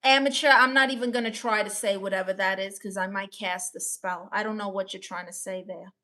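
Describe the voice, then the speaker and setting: Brooklyn woman, livestream host, playful and jokey, bright voice. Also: mid-range voice, steady tone, brisk. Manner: playful, laughs often, trying silly accents. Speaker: livestream host reading chat. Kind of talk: casual comedic livestream chat.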